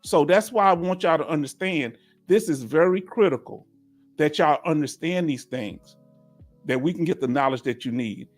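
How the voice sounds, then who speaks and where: A Southern man from Houston hosts a casual live stream for veterans. His voice sits slightly high, and he reads viewer comments aloud in a loose, chatty way. Faint music plays underneath. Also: normal speed. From Houston, Texas. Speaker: livestream host for veterans.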